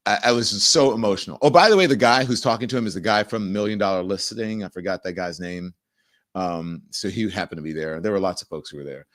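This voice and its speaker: A middle-aged man with a somewhat low voice hosts his own show in a loose, rambling way, full of fillers and warm gushing. When he turns to the news he grows emphatic and indignant, leaning hard on key words. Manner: chatty and effusive, rambling with fillers, rising to emphatic outrage. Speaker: show host. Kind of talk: casual chat turning to news commentary.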